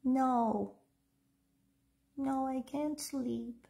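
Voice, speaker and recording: A woman voicing a frightened five-year-old girl who talks in a small, hushed, worried way. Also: high-pitched, steady tone, extremely slow, vocal fry, pitched above the performer's own voice, full character voice. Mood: scared, pleading.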